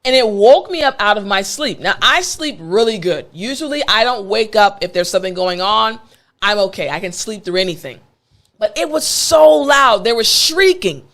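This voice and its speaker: A woman's voice: medium pitch, very animated, normal speed, fairly bright tone. A woman with an American accent, an English teacher telling a story in a playful, conversational way. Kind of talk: storytelling lesson.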